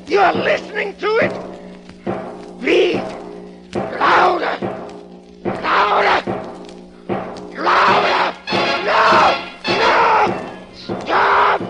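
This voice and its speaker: An actor playing a guilt-crazed murderer in a 1940s radio drama, stammering, giggling nervously and pleading with the police. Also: male voice, on the high side, low-quality recording. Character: guilt-crazed middle-aged man, nervous, unravelling murderer. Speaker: guest actor.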